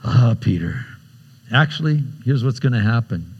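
A man voicing Jesus as a calm, gentle man talking to his friends, softly and unhurriedly. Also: mid-range voice, normal speed, breathy edge, highs cut off.

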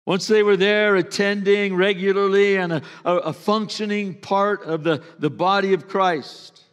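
Male pastor, somewhat high voice, earnest and conversational, long hall reverb. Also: steady tone, a little slow, smooth. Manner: earnest, conversational preaching with sudden drops to a hush. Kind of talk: sermon. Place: church sanctuary.

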